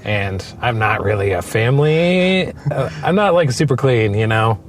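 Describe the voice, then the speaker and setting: A male comedian chats on an outdoor walk with a wry, halting delivery at an even, middle pitch. He breaks off and restarts, then slips in dry jokes. There is faint traffic noise behind him. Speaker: comedian guest. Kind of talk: casual chat.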